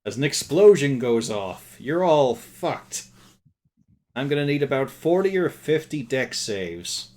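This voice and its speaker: A man's voice: medium pitch, big pitch swings, normal speed, hardly any pauses, a little mellow. A man narrating as game master of a tabletop game, with wry, laughing asides.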